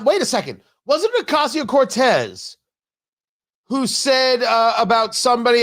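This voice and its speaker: Male radio host with a high, lively voice and a sarcastic, animated delivery in the studio. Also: a little slow. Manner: sarcastic, animated, mocking asides. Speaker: radio talk show host. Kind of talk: opinionated talk radio monologue.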